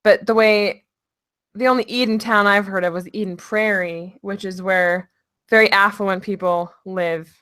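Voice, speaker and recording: A woman from North Dakota co-hosting a casual podcast, chatty and quick to laugh. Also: medium pitch, steady tone, a bit bright, no echo, clean studio sound. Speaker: podcast co-host. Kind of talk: casual chat.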